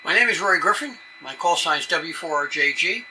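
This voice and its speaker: A man's voice: on the high side, expressive, a little fast, bright, forceful tone, a little hiss or hum, poor audio. An older man from New York City giving a chatty conference talk with rambling asides. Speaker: presenter. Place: conference room.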